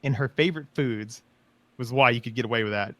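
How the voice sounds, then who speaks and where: A man hosting a podcast, telling animated stories in casual chat and acting out quotes. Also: medium pitch, fast talker. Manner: animated, laughing, acts out quotes. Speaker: podcast host.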